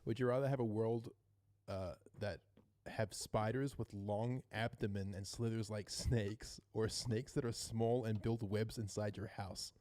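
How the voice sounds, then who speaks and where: Male friend on a podcast, warm dark tone, laid-back and casual. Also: fairly low pitch, steady tone, a little slow. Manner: laid-back, asks would-you-rather questions. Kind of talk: casual chat among friends.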